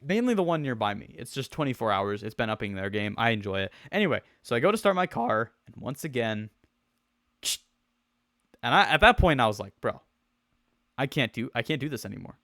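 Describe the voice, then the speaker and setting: A man's voice: mid-range voice, big pitch swings, fairly quick, a bit bright, no room sound, studio quality. A young man telling a rambling, slangy story with many restarts and swearing, as a streamer. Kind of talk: casual storytelling rant.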